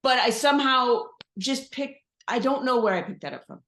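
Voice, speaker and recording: A woman from Michigan chatting as a guest on an interview show, lively and halting as she hunts for words. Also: a little high. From Michigan, USA. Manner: animated, stops and restarts while searching for words. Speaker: guest actress. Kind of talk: casual interview chat. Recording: roomy echo.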